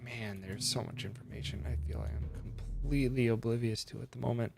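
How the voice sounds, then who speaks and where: A man's voice: medium pitch, fairly even intonation, brisk, gravelly, over music. A man streaming a game, musing aloud as he works through its puzzles in casual commentary.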